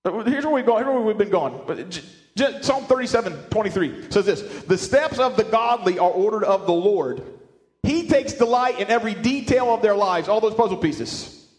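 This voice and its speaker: A male pastor preaching a sermon, animated, often restarting words and asking his congregation questions. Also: sits high, moderate pace, roomy sound. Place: church sanctuary with speakers.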